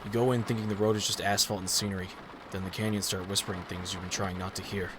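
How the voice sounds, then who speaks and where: A dry-witted road-trip companion, voiced by a man, with a very low voice and wry, understated remarks. A clear hiss runs under his lines in this audio drama. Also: level tone, fast, lightly acted. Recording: background hiss.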